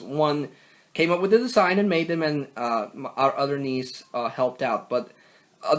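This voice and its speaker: A young man casually showing off his collection in a vlog, rambling with many fillers and self-corrections. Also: a little high. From Mexico. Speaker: collector vlogger. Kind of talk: casual show-and-tell vlog.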